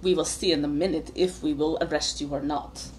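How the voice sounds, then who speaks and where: A woman voicing a stern, menacing man with a monstrous arm, speaking slowly and coldly in a tabletop game. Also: low voice, fairly even intonation, darkish tone, voice pushed down, natural voice.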